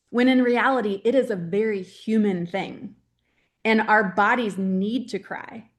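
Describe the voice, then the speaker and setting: A woman speaking as a grief specialist guest in a casual interview, earnest and chatty, often ending points with a quick question tag. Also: mid-range voice, gravelly. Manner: earnest, chatty, many "right?" tags.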